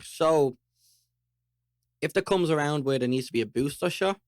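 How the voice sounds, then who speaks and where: An Irish man co-hosting a podcast, talking in an animated, ranting way while chewing toffee. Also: fairly high pitch, normal speed, dry recording, studio quality. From Ireland. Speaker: podcast co-host. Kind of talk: casual chat.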